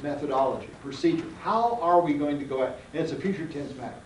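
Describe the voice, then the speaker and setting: A man's voice: a little high, quick pace, a little mellow, a little hiss or hum. A man teaching a research seminar, quizzing his students in a folksy, emphatic way, heard on an archival classroom recording. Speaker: seminar lecturer. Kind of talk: classroom lecture with questions to students. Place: lecture room. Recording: roomy archival classroom tape from a distance.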